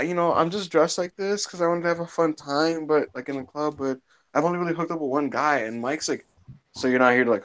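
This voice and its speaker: A young man hosting a casual chat, recapping a story in an animated way, full of "like" and bursts of laughter. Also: mid-range voice. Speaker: podcast host.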